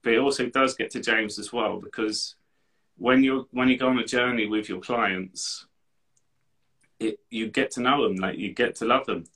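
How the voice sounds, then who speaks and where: A man's voice: mid-range voice, fairly even intonation, normal speed, sharp tone. A man co-hosting a podcast, talking earnestly in a casual way, full of fillers. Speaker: podcast co-host.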